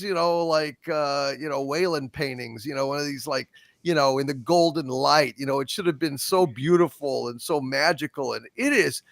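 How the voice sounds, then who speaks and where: Man, gravelly voice, slightly high, emphatic, swears a lot, dry close sound. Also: a bit bright, no room sound. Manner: emphatic, profane. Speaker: panelist. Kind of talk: casual podcast chat.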